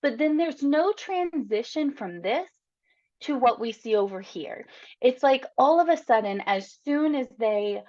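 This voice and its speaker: A woman's voice: mid-range voice, darkish tone. Chatty woman teacher on a webinar. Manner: chatty and encouraging, tags statements with "right?". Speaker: reading teacher presenting a webinar. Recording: slightly dull lo-fi webinar audio.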